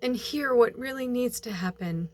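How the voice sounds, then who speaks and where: A woman's voice: a little high, moderate pace, a little mellow. A woman talking in a personal monologue, emotional and holding back tears, swearing as she goes. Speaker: spiritual medium.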